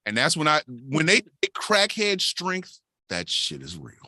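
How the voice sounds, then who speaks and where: A podcast co-host tells a wild story packed with swearing, animated and profane in a casual storytelling style. The mid-range voice is unhurried, in clean studio sound with no echo.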